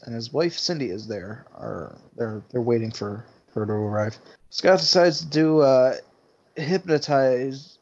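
A man co-hosts a podcast and retells a movie plot in a relaxed, chatty way. He swears casually and laughs often. The audio is slightly dull and lo-fi. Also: mid-range voice, creaky. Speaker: podcast co-host.

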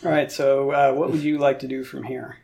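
A man's voice: medium pitch, flat delivery, brisk, vocal fry, heavy background noise. A man narrating as game master, rambling with many fillers.

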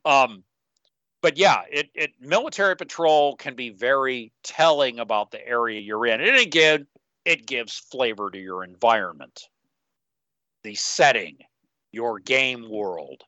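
Bright-voiced rambling male podcast host. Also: medium pitch, expressive, dry recording. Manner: rambling, acts out quick in-character asides. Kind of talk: casual podcast chat. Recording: dull, slightly lo-fi, dry sound.

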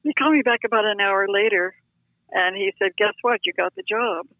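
An older woman telling lively, self-deprecating stories as a guest, heard over a phone line. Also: medium pitch, brisk, dry recording. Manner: chatty, self-deprecating, animated. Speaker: guest storyteller. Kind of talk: anecdotal storytelling.

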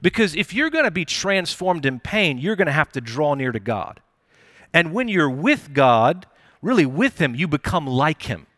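Animated young male pastor preaching. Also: a little high, moderate pace, no room sound, clean studio sound. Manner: conversational, animated preaching with playful asides. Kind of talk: sermon. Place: church auditorium.

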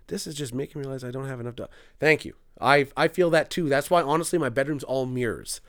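A man's voice: medium pitch, fast, fairly bright tone. A young man from Canada hosting a podcast live stream, chatting casually through comments with crude, self-mocking jokes. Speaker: podcast host.

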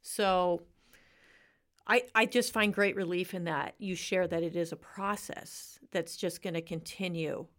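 Soft-spoken woman host, lower voice. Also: steady tone, a little slow. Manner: affirming, soft-spoken, frequent short agreement. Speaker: talk show host. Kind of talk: interview on a faith talk show.

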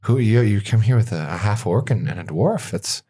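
A man's voice: on the low side, lively intonation, brisk, mellow, husky. A man voicing a young elf woman novelist who stammers and repeats herself when flustered. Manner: stammering, nervously repeating words.

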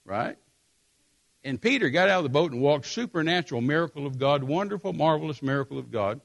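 High-voiced emphatic male preacher. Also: a little fast, vocal fry, highs cut off. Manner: emphatic, repetitive, animated storytelling. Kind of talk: sermon.

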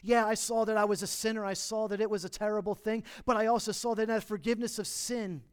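A man delivers a sermon in a fairly high voice, with animated storytelling. He acts out the quotes in the stories, swinging from loud, bright bursts down to hushed, slow lines. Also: clear, resonant tone. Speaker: pastor.

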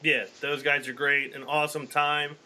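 Bright-voiced man plugging on a podcast. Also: a little high, level tone. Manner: upbeat plugs, quick laughs. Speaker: podcast co-host. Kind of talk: casual podcast chat with sponsor reads.

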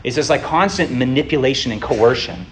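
A man's voice: medium pitch, lively intonation, fairly quick, a bit bright, a little hiss or hum. Man teaching scripture in a casual way. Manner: asks the listeners rhetorical questions; informal, with fillers and restarts. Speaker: Bible study teacher. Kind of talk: conversational Bible teaching.

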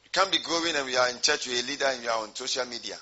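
A man's voice: medium pitch, rapid-fire, sharp tone, highs cut off. A man preaching a sermon as pastor, repeating his points and putting questions to the congregation.

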